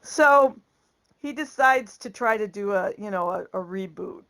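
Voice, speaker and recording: A woman's voice: mid-range voice, animated, a little slow, a bit bright. A woman vlogger telling a casual story, laughing often and acting out the lines she quotes.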